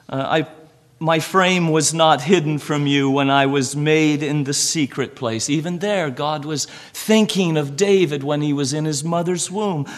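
A man preaching a sermon, earnest and measured, who repeats phrases and drops to a hush on key words. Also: a little high. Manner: repeats and lists phrases for emphasis.

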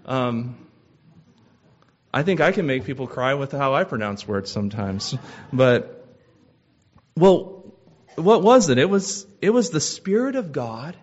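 A man preaching a sermon in a measured, earnest way, with frequent "uh" restarts. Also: medium pitch, big pitch swings, darkish tone. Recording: slightly dull lo-fi sound.

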